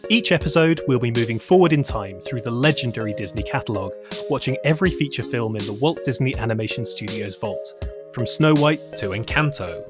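A man's voice: mid-range voice, lively intonation, fairly quick, music in the background. A young man hosting a podcast, speaking in a playful, jokey way. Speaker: podcast host. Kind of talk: podcast chat with scripted intro.

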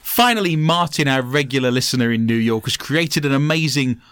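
A man with an English accent hosting a podcast, chatting in a joking, animated way. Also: medium pitch, brisk, smooth, dry recording. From England. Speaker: podcast host. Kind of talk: casual podcast chat.

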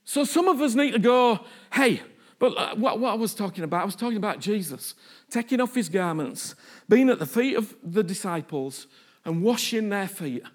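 A man's voice: high-pitched, expressive, brisk. A man preaching a passionate sermon, often acting out the voices of the people he quotes.

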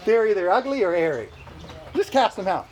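A male pastor preaching a sermon at a church service, animated and exclamatory, often laughing. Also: high-pitched, fairly quick, slight background noise, poor audio.

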